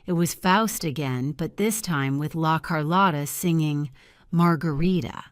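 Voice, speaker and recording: Slow, low-pitched woman reading a story. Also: no echo, clean studio sound. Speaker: narrator. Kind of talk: graded-reader story narration.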